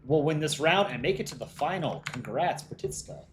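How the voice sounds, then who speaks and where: A man's voice: a little high, lively intonation, normal speed, faint music behind. A man casually hosting a livestream, chatting with viewers in a loose way with restarts and frequent laughter. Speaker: animator and livestream host.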